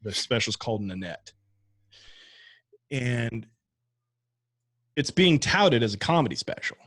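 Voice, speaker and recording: Man, podcast guest, candid and rambling, mid pitch, dry close mic. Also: very animated, slow, fairly bright tone, breathy edge, no echo. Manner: candid, rambling with restarts and swearing. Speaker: podcast guest, stand-up comic. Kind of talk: casual conversation.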